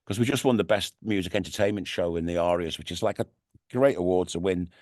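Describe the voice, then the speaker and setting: A middle-aged man with a Liverpool accent chatting loosely in an interview. His voice sits fairly low and he rambles, leaning on "you know what I mean" again and again. The sound is close and dry, with no room around it. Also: fast talker, a little mellow, no echo. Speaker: radio DJ and TV presenter, interview guest. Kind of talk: casual interview chat. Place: radio studio.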